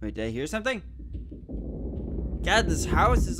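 High-voiced young man, nervous swearing gamer. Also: a little slow, slight background noise. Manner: excitable, swearing, nervous joking. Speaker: gaming YouTuber. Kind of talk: horror game let's play commentary.

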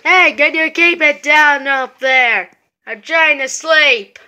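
A woman voicing a grumpy, sleepy neighbor who shouts slowly for quiet in a homemade plush toy skit. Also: sits high, full character voice.

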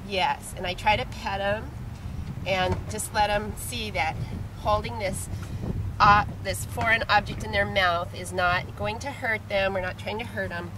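A middle-aged woman, a retriever trainer, explaining a training step calmly with frequent ums. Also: medium pitch, unhurried. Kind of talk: instructional demonstration. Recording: outdoor recording with clear background noise.

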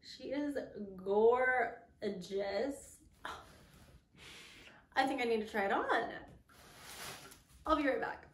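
A young woman who is an actor, gushing in a casual vlog from her messy bedroom. She talks excitedly and leans on "like" a lot. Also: fairly high pitch, slow pace, long pauses. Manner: gushing, excitable, heavy use of "like". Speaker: actor and vlogger. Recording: echoey room, mic at a distance, background noise.

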